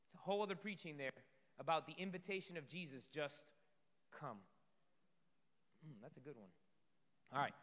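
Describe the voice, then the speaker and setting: A man preaching a sermon to a congregation, lively, swinging between loud emphasis and soft asides. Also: on the high side, moderate pace, long pauses. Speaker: pastor. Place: church sanctuary. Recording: reverberant hall.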